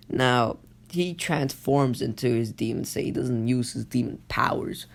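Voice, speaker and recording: A young man telling an improvised fan story in a loose, rambling way, full of fillers and restarts. His voice is creaky and gravelly, at an ordinary middle pitch. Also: unhurried. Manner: rambling, lots of fillers and self-corrections.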